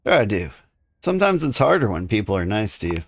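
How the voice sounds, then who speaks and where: A man streaming a game tosses off relaxed, offhand remarks. His voice is low and gravelly and his speech quick, rising and falling a lot. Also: a little hiss or hum. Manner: laid-back, offhand comments. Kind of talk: casual reactions while playing.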